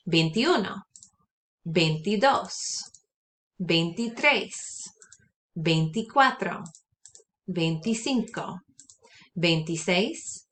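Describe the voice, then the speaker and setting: A woman's voice: mid-range voice, fairly bright tone, a little hiss or hum. Patient woman teaching a recorded lesson. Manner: clear, patient, repeats words slowly for practice. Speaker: Spanish teacher.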